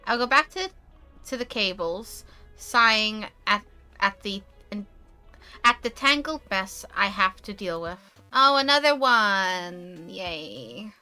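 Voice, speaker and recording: A woman's voice: mid-range voice, measured pace, faint music behind. A young woman streaming a game, reading it aloud with chatty asides. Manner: chatty, animated asides, talks with food in mouth.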